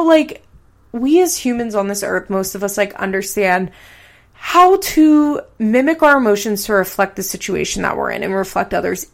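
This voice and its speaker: A woman's voice: medium pitch, vocal fry. A woman hosting a podcast in casual, chatty commentary, swearing casually and saying "like" a lot.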